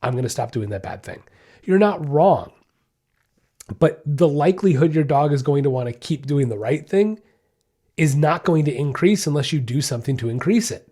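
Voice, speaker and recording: A man explains dog training to his listeners in a conversational, emphatic way. He drives points home by repeating them. His voice sits a little high for a man, but its tone is mellow and dark. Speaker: dog trainer and podcast host. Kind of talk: podcast advice answer.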